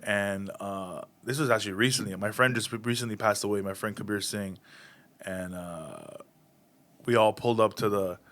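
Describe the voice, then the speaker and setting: A man's voice: lowish voice, moderate pace. A man in his thirties, a stand-up comedian, telling anecdotes in a casual interview and acting out the people in them. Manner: animated, acts out voices in anecdotes.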